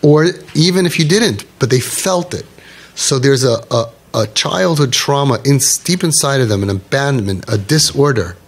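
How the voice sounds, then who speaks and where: A man's voice: medium pitch, animated, normal speed, breathy edge. A man coaching parents in an inspirational talk, telling stories and repeating key phrases with emphasis.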